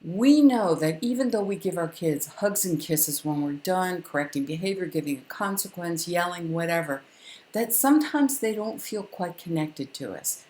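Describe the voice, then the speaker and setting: An older woman with a slightly low voice gives parents a direct-to-camera lesson, calm but firm and instructive. She leaves deliberate pauses between her points, and the room she's in sounds echoey.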